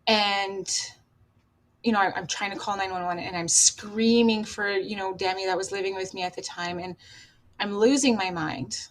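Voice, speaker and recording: A woman from Canada, a podcast guest, telling a painful personal story in a raw, halting, emotional way. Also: mid-range voice, fairly even intonation.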